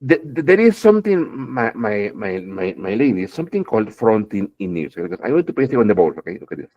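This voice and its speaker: Male English teacher, animated pitch, keeps asking "okay?", dull video-call sound. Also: quick pace. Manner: keeps checking in with "okay?", repeats words, addresses students fondly. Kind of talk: online English grammar lesson.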